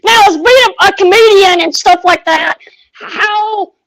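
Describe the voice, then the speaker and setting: A woman co-hosting a casual podcast chat, asking questions slowly between short replies of agreement. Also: very high-pitched, vocal fry, a bit bright, dry recording. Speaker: podcast co-host.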